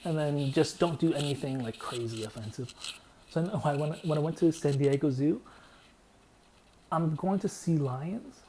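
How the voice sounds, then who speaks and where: A man telling long, meandering stories in a deadpan, repetitive way. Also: fairly high pitch, normal speed, a little hiss or hum. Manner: meandering, deadpan, repeats himself. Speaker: vlogger. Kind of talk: rambling storytelling monologue.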